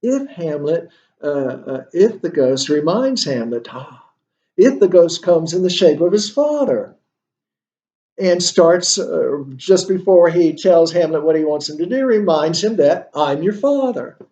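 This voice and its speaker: A man's voice: a little high, lively intonation, measured pace, dark tone, dull audio. A male instructor giving a literature lecture, thinking aloud with many fillers and rhetorical questions.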